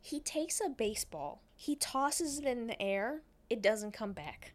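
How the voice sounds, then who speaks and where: Slangy woman recapping a movie, higher voice. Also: sing-song, unhurried. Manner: slangy, profane plot retelling; rambling, self-correcting. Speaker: podcast co-host recapping a film. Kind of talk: casual chat.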